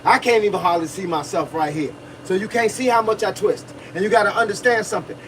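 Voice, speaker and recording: High-pitched black coach talking at a livestream, a bit off mic with light noise behind. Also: male voice, fast, a bit bright, distant mic, rough recording. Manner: preachy, repetitive, talks to viewers, grunts while punching a bag. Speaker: boxing coach.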